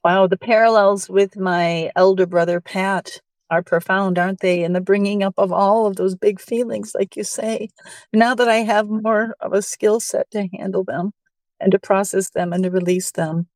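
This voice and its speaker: A woman sharing in an online group session. She speaks warmly and reflectively, full of thanks. Her voice is at a middle pitch and sounds dry. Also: steady tone, moderate pace, no room sound. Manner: warm, grateful, reflective. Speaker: group participant.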